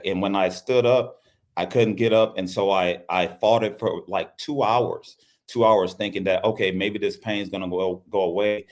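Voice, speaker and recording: A middle-aged man from Louisiana with a low, deep voice tells a personal story as an interview guest. He speaks earnestly and often repeats his phrases. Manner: earnest, repeats phrases, acts out quoted speech. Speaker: basketball coach and guest.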